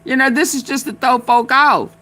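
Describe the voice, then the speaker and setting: A woman's voice: high-pitched, moderate pace, pushed and bright. A woman hosting a casual live stream, talking back at video clips with sassy, loose slang.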